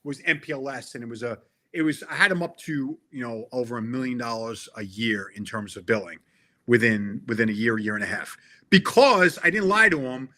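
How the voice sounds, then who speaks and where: As a guest in a casual interview, a middle-aged tech sales veteran talks fairly quickly in a sharp-toned, mid-range voice. He's earnest and emphatic, frequently starting his sentences over.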